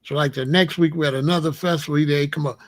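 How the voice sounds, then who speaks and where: A man from the United States hosting a casual monologue, telling stories in an emphatic, profane, animated way. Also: on the high side, quick pace. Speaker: commentary host.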